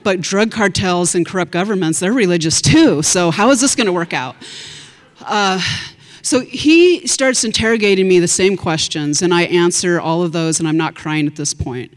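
Animated woman telling a story onstage. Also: on the low side, normal speed. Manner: animated, chatty, with restarts and asides to the audience. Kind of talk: live personal storytelling to an audience. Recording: long hall reverb.

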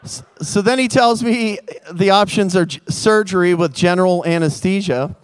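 A man with a high, smooth voice tells a comic tale from his own life. He talks in animated bursts and acts out what people said. The sound is close and dry. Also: no echo. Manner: animated, quick bursts and acted-out quotes. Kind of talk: comic personal storytelling.

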